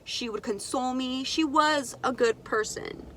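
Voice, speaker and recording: A young woman telling a personal story in a candid, animated, profane way on her vlog. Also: high voice, a little slow, a little hiss or hum. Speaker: vlogger. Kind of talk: casual storytime.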